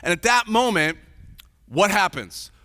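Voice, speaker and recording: A high, bright male voice preaches a conversational sermon and keeps checking in with the congregation. The sound rings with long reverb from a church sanctuary. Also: lively intonation, unhurried. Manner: informal, chatty, checks in with the audience often. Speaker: pastor.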